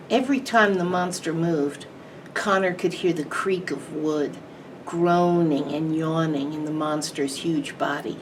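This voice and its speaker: A woman librarian reading a children's book aloud in an expressive, measured way. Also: sits low. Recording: distant mic, faint background hiss.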